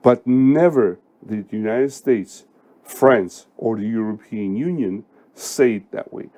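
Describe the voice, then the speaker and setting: A middle-aged man giving unscripted political commentary, deliberate and emphatic, with frequent hesitations. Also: on the low side, dark tone.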